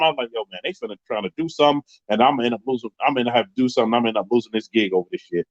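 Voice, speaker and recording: New man, 30s, live-stream host, lively storyteller who mimics other voices, dry muffled sound. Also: medium pitch, racing, few pauses, no echo. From Queens, New York. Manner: animated, acts out the voices of people in his story. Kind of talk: casual storytelling on a livestream.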